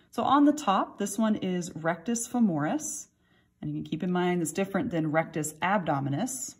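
A woman instructor walks students through a lab lesson, her voice a little breathy and set slightly low. She explains at an easy, patient pace, pausing now and then as she turns a model. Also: a little mellow. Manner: patient, explanatory, handles a model while talking. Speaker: anatomy instructor.

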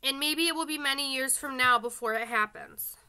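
Woman reading as calm wounded colonial man. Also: sits high, a little fast, clean tone, exaggerated voice. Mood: reassuring. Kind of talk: audiobook reading.

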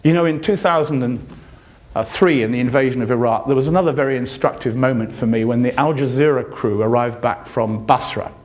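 Older british man, impassioned lecture, sardonic, pitch leaping on key words, university hall. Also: fairly quick, darkish tone. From Britain. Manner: impassioned, sardonic, pitch swings widely when stressing points. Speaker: journalist giving a lecture. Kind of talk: passionate public lecture.

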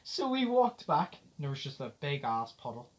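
Young man telling an animated, sweary story. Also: a little high, moderate pace. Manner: animated retelling, acts out the dialogue; swears freely and laughs mid-story. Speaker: podcast host. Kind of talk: casual storytelling chat.

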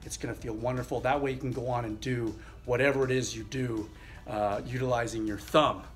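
A middle-aged male chiropractor demonstrating a thumb exercise, talking through each movement in a relaxed way with fillers. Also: medium pitch, fairly quick.

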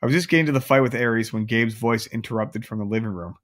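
A man's voice: medium pitch, quick pace, fairly bright tone. A man reading a novel aloud, adding casual chatty asides to his listeners. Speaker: audiobook reader.

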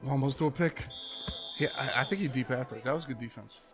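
Music plays in the background as a young gaming streamer curses and vents at a football video game in live gameplay commentary. He has a medium-pitched voice and talks quickly.

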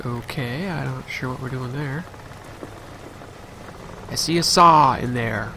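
Gravelly man narrating his gameplay. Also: mid-range voice, takes it slowly, long pauses, background noise. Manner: chatty, thinking aloud, mock outrage. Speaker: let's play commentator. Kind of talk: casual gameplay commentary. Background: game music.

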